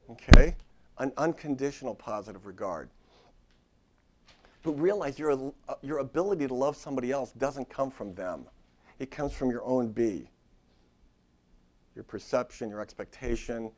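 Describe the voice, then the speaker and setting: A man's voice: medium pitch, darkish tone. Emphatic middle-aged man lecturing therapists. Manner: emphatic, repetitive, talks straight to the audience. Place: lecture room at a university.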